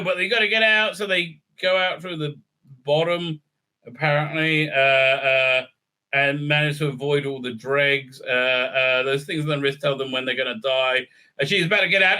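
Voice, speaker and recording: A man's voice: medium pitch, steady tone, measured pace, bright, forceful tone, smooth. A man ranting through a recap review, sarcastic and profane, full of stammering fillers. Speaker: show reviewer.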